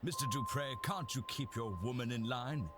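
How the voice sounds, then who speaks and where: An actor playing a mocking, rude hotel guest in a mystery game. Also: male voice, mid-range voice, moderate pace, noisy background, lightly acted. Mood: sneering. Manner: sneering, mocking.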